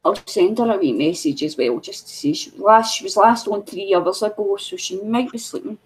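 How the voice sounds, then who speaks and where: A woman's voice: mid-range voice, normal speed, husky, rough recording. A middle-aged Scottish woman hosting a casual craft livestream, chatting in a loose, rambling way. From Scotland. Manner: chatty, rambling, coos at her pet. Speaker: craft channel host.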